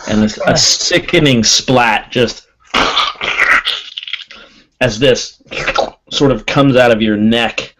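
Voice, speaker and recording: A man narrating as game master of a tabletop game, describing scenes in a slow, ominous way. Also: mid-range voice, rough recording.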